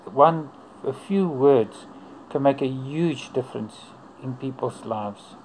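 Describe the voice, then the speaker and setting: A man telling a personal faith testimony in an earnest, unhurried way, in short broken phrases. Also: mid-range voice, a little hiss or hum, rough recording. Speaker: churchgoer giving testimony.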